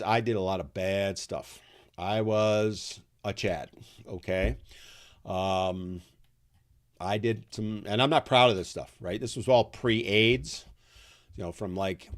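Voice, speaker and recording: A man around sixty hosting a casual live chat, reading out viewer comments and rambling candidly with many ums and restarts. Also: on the low side. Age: 60s.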